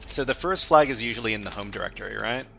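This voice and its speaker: A man's voice: on the low side, quick pace, vocal fry, bright, forceful tone, slight background noise. A man hosting a live stream, chatting casually as he works through a hacking exercise, often restarting his phrases. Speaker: stream host.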